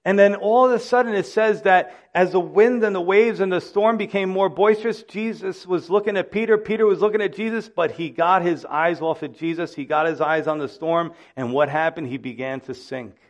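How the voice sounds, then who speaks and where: High-voiced man preaching with passion. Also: a little fast, hardly any pauses, lo-fi sound. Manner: impassioned preaching with swells and drops in volume. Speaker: pastor. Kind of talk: sermon.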